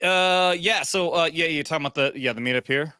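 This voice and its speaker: A man's voice: on the high side, a little fast, bright, forceful tone, clean tone, dry recording, clean studio sound. A drunk man co-hosting a podcast, talking loosely and swearing often in casual chat. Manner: loose and profane. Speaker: podcast co-host.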